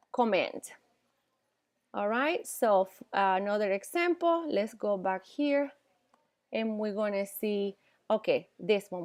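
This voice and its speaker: A woman teaching Spanish, explaining grammar patiently, repeating examples and often checking in with "okay?". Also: a little high. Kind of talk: classroom grammar lesson.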